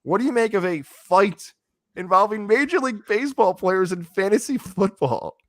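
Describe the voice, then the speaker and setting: A man's voice: high voice, lively intonation, normal speed, a bit bright, no room sound, clean studio sound. A man co-hosting a sports radio show in casual chat, tossing in wry quips while he lays out a story.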